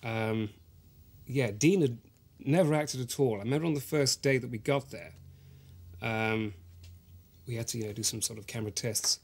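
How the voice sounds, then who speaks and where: A man's voice: mid-range voice, normal speed, close to an everyday voice. An actor playing a pretentious, self-regarding male actor, talking earnestly in a mock documentary interview. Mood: recounting. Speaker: actor in the series.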